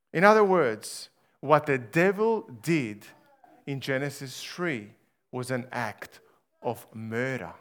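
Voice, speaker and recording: A man preaching a sermon, slow and emphatic, swinging between loud rhetorical questions and hushed, low passages. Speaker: pastor.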